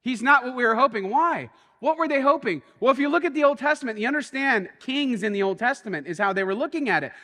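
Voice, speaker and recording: A man preaching a sermon as a pastor, telling a story in an animated way that swings between quiet and excited. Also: very high-pitched, fast talker, hardly any pauses, long reverb tail. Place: church.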